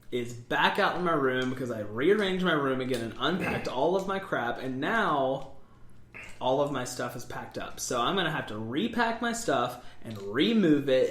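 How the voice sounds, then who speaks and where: A man's voice: medium pitch, a bit bright. A young man co-hosting a casual podcast, rambling and upbeat, with lots of "like" and "um". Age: young adult. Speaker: podcast co-host. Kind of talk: casual chat. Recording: echoey room.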